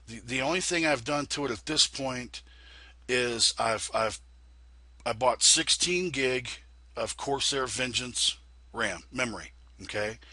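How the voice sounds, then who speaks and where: A congested man talks through a computer tutorial in a loose, folksy ramble, often restarting his sentences. His voice is husky and bright, with a hoarse edge. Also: medium pitch, unhurried, no room sound. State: congested from a sinus infection. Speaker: flight sim video host. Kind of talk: casual tutorial talk.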